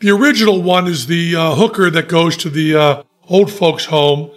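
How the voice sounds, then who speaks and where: A man hosting a casual podcast, animated and quick to jump in and interrupt his guest. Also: a little high. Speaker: podcast host.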